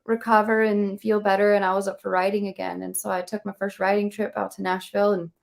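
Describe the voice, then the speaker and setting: Chatty woman with a gravelly edge. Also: mid-range voice, fast. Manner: chatty, laughs often, animated storytelling. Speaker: guest songwriter. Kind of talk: casual chat.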